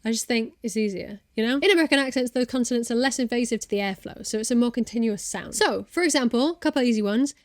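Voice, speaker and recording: A young woman with a British accent talks straight to camera in a relaxed, playful way and keeps breaking off for wry asides. Her voice sits a little high for a woman. The recording is dry and close, with almost no room sound. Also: fast talker, hardly any pauses, dry recording. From Britain. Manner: chatty and playful, with frequent asides and self-aware humor. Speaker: vlogger. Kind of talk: casual explainer talking to camera.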